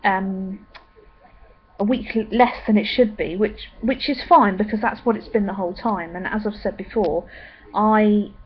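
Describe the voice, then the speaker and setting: A young woman chatting in a rambling way with many pauses and ums. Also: mid-range voice, slightly rough, lo-fi sound. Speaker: vlogger. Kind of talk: casual pregnancy update vlog.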